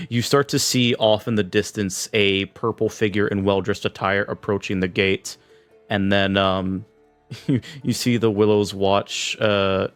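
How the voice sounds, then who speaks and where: A man running a tabletop game, describing scenes in a loose, meandering way. His voice is low, with faint music playing under the narration. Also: clean tone, no room sound. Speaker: game master.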